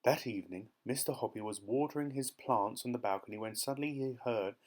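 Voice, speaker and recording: Guy reading a kids storybook, lively expressive narration, normal pitch. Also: fairly quick. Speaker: audiobook narrator.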